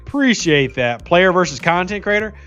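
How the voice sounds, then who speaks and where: A man with a voice that sits high, with lively intonation and a clear, resonant, fairly bright tone, speaks at a moderate pace, though the highs are cut off and faint music plays behind. He's streaming a mobile game, joking, laughing often, and reading viewer comments aloud.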